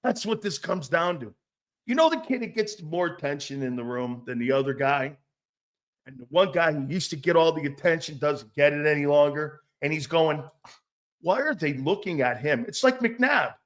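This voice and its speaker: A man hosting a casual sports talk show, blunt and animated, swearing freely. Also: on the high side, normal speed.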